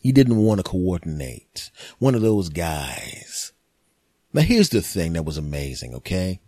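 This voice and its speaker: A male comedian tells a rambling, profane story on his podcast in a low voice. His pitch jumps around a lot as he jokes. The tone is dark and mellow, and the sound is dry and close. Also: sing-song, unhurried, no room sound.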